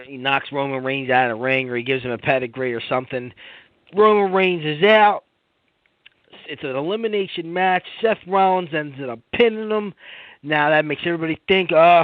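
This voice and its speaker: A man hosting a wrestling talk radio show, rambling through his opinions with restarts and asides. His voice sits a little high for a man, dry and close to the mic. The sound is dull and lo-fi, like a home internet broadcast. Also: dry recording.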